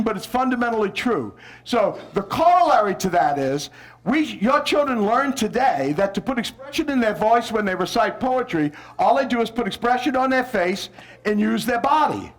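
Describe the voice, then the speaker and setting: A man from New Orleans, a visiting poet, coaching children and parents to recite with expression, coaxing them along and breaking into shouted lines. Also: very high-pitched, expressive, normal speed. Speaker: visiting poet leading a school workshop. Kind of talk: lively workshop with children and parents.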